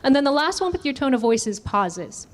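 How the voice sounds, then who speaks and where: Pitched high and swinging widely in tone, this woman speaks a little fast. As a communication trainer, she runs an interactive workshop where she asks the audience questions and shows off voice techniques.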